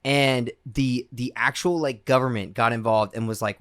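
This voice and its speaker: A man co-hosting a casual podcast tells a rambling story packed with fillers and restarts. His mid-range voice has fairly even intonation and a moderate pace with hardly any pauses, recorded dry at studio quality.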